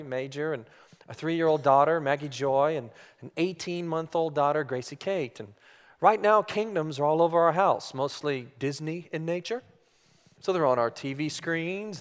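A man in his thirties preaching a sermon, earnest and imploring, dropping almost to a whisper on key words. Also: on the high side. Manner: earnest, imploring, drops to near-whispers for emphasis. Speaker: pastor. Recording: reverberant hall.

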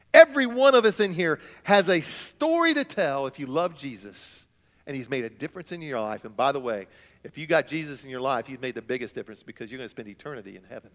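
Animated preacher in a reverberant hall. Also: male voice, on the high side. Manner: animated storytelling, swings from quiet to loud. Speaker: student pastor. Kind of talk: sermon.

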